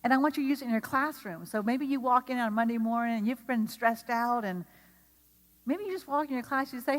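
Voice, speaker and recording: A woman with a fairly high voice leads a lively workshop for teachers and keeps putting questions to the room. Her voice carries a long reverb from the lecture hall around her. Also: brisk. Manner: animated, asks the audience questions. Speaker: speaker at an educator training.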